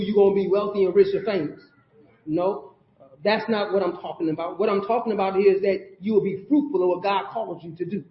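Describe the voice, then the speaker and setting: A man's voice: high-pitched, a little hiss or hum. A man preaching a sermon, speaking in emphatic, repeated phrases and turning to the congregation with call-and-response asides. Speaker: pastor. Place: church sanctuary. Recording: echoey church sound, dull audio.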